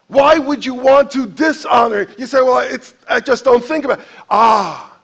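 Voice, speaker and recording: A pastor preaching a sermon to his congregation, animated, acting out quotes with sudden jumps in pitch and loudness. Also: gravelly, slightly rough, lo-fi sound.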